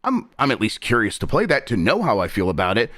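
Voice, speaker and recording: A man's voice: mid-range voice, huge pitch swings, quick pace, a bit bright, no room sound, studio quality. A man hosting a gaming podcast, chatting casually with many restarts, then reading a scripted intro. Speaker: podcast host.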